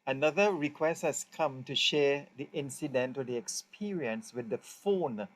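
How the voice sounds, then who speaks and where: A man's voice: medium pitch, a little slow, low-quality recording. A man hosting a devotional interview, formal and earnest in his praise. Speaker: host.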